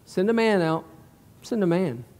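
A pastor putting on the voice of a boastful, taunting giant warrior, drawn out and mocking. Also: male voice, high voice, animated, measured pace, a little mellow, long reverb tail.

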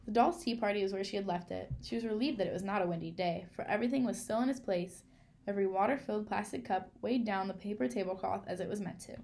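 Woman storybook reader, measured and clear, mid-pitched with some vocal fry. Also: a little mellow, a little hiss or hum. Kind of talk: storybook read-aloud.

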